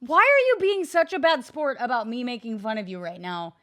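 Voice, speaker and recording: A woman co-hosting a podcast in a studio, chatting casually and ribbing her co-host with deadpan teasing. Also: on the high side, fairly quick, a little hiss or hum. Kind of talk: casual comedic chat.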